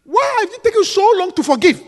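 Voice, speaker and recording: A man preaching a sermon, emphatic and repetitive, swinging between hushed lines and shouts. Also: very high voice, big pitch swings, brisk, long reverb tail.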